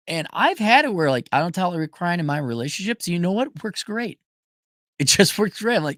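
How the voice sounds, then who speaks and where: A blunt, emphatic man hosting a casual livestream, his voice sitting a little higher than most men's. He lurches between loud, forceful declarations and low, muttered asides. The sound is close and dry, with no room around it. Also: huge pitch swings, brisk, dry recording. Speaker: livestream host reading super chats.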